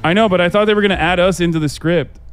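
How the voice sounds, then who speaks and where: A man's voice: high-pitched, rapid-fire, soft background music. A man talking casually on a stream, cursing and sounding exasperated.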